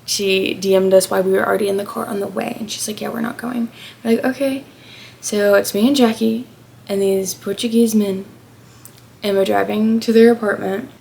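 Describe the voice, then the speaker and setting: A woman's voice: medium pitch, level tone, fairly quick, vocal fry, a little mellow, a little hiss or hum. A young American woman in her twenties telling a chatty travel storytime, acting out the people she quotes. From United States. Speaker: vlogger.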